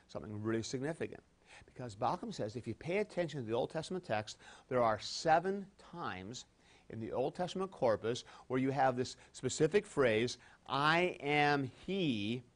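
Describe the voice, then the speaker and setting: A man lecturing a class on theology in a mid-pitched voice. He talks in a conversational, animated way, stressing key words loudly and then dropping to quiet asides. He often acts out the objections of an imagined listener. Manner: animated, emphatic, swings between loud stresses and quiet asides. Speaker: theology professor.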